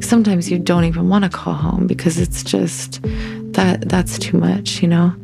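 A woman telling her own story in an interview, reflective and halting, often pausing to find her words. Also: on the low side, little pitch movement, gravelly. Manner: reflective, halting, soft-spoken. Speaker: interviewee, former prison firefighter. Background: soft music.

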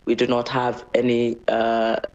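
A hesitant woman speaking in a flat, slow, measured way, pausing often between fillers. She answers an interviewer's questions as a company's managing director. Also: very deep voice, lo-fi sound.

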